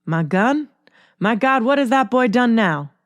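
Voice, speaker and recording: A woman's voice: on the high side, animated, unhurried, dry recording, pitched above the performer's own voice. Grumpy southern dad grumbling, done by a woman reading, storybook voice, dry sound. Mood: gruff. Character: grumpy southern father, gruff and joking.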